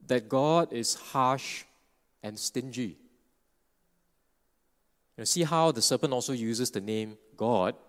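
A male preacher delivering an earnest expository sermon at a medium pitch. He explains patiently, restarting phrases and tossing in quick "right?" asides. His voice rings out with the long reverb of a big church hall.

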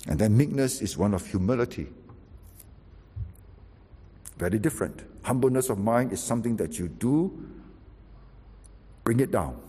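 A man preaching a sermon, emphatic and animated, swinging from loud exhortation to quiet, intimate drops. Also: fairly low pitch, moderate pace, breathy edge, in a large hall.

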